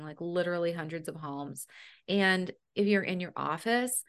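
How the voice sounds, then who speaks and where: A woman who works as a home organizer, talking as a guest in a casual podcast chat with a blunt, chatty manner and casual swearing. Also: lowish voice.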